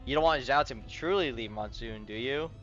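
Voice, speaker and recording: Man doing a calm older-sister soldier woman, level and reasoning, bright tone, lo-fi sound, faint music. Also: medium pitch, normal speed, natural voice.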